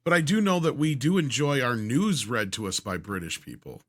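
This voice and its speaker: Male panelist, mid-pitch, casual and a bit stammering. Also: sing-song, moderate pace. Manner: stammering, fills with uhs. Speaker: podcast panelist.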